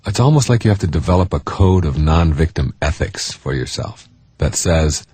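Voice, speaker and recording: A middle-aged man with a deep, husky voice delivers a self-help audiobook lecture. He speaks earnestly and drives his points home by repeating them. The recording is close and dry, with no room sound. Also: expressive, moderate pace, dark tone, no echo. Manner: earnest, emphatic, builds points through repetition.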